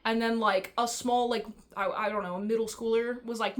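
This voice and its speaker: A woman talking straight to camera in a casual vlog, venting with blunt frustration and plenty of swearing. Her voice sits somewhat high, and she stumbles and restarts as her thoughts race ahead. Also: fairly even intonation, a little fast, few pauses, a bit bright. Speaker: vlogger.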